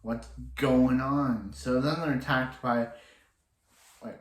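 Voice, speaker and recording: A man's voice: medium pitch, steady tone, slow pace, roomy sound, poor audio. A man casually recapping a TV episode, rambling and restarting his sentences often as he quotes the characters in passing. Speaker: TV episode reviewer.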